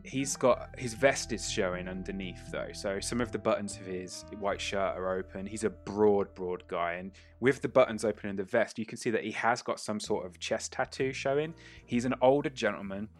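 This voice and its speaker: A low-voiced man runs a tabletop role-playing game as game master. He describes scenes in detail and often pauses and restarts. Faint music plays behind him. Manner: descriptive, halting with fillers and restarts.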